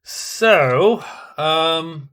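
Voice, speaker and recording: A middle-aged man narrates his board game turns very slowly in casual solo commentary. His fairly high voice is expressive, a bit bright and clean in tone, and he thinks aloud with frequent hesitations and restarts.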